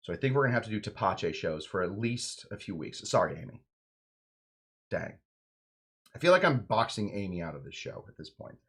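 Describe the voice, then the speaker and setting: A man's voice: fairly low pitch, big pitch swings, brisk. Playful man hosting a cocktail show. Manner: playful, jokey, rambling asides. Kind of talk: casual chat while mixing drinks.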